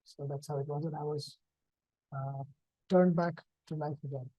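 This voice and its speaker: A man's voice: on the high side, steady tone, normal speed, no echo, highs cut off. A man giving a hesitant, reflective personal talk over a video call, with many fillers and restarts. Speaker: invited speaker at an online event. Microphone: own computer mic on a video call.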